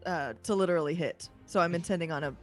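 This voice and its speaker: A young woman playing a tabletop game, casual and playful with hesitant pauses. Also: on the low side, soft background music. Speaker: player. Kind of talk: tabletop role-play.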